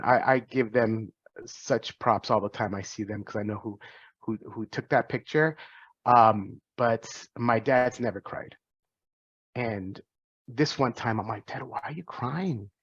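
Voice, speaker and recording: A man in his forties speaks earnestly to students, reflecting on his path and often restarting a phrase. His voice sits at an ordinary pitch. The recording is dry and a little dull. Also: no room sound. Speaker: physician and guest speaker. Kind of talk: personal talk to students.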